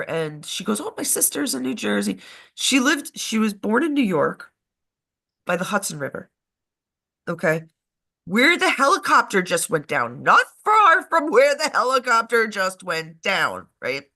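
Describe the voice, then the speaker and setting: Woman, live show co-host, casual chat, rambling, animated, mid-pitched. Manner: rambling, animated storytelling with swearing and laughs.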